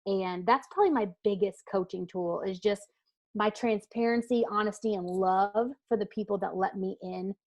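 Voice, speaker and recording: A woman's voice: medium pitch, normal speed, a little mellow. A woman weight-loss coach answering interview questions in a casual, earnest, emphatic way, with frequent fillers and restarts.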